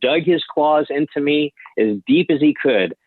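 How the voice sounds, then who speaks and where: A man's voice: a little high, expressive, unhurried, dry recording. A man on a video-call fan panel, casually reminiscing in an easygoing way. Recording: tinny, dry video-call audio.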